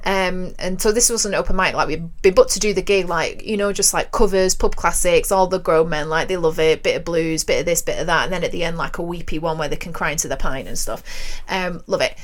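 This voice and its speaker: Woman in her twenties, co-host, casual storyteller, quick laughs. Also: lowish voice. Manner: chatty storyteller, laughs often. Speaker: radio co-host. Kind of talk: casual chat.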